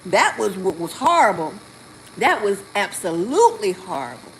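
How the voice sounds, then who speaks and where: A woman hosting a livestream, talking loudly and sassily with preachy outbursts. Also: medium pitch, sing-song, normal speed, a little hiss or hum, low-quality recording. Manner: loud, sassy and preachy, with outbursts. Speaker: livestream host. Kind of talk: casual livestream talk.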